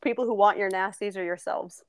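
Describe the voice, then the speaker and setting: A woman's voice: mid-range voice, steady tone, clean tone, no echo, clean studio sound. A young woman from the Southwest United States co-hosting a podcast in a casual, playful, giggly chat. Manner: giggly, playful, quick to joke. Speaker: podcast co-host.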